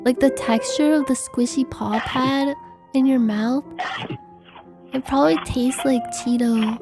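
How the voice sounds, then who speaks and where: A young woman streamer giving casual reaction commentary, excitable and exclamatory, playful and a bit crude. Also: sits high, unhurried, over music.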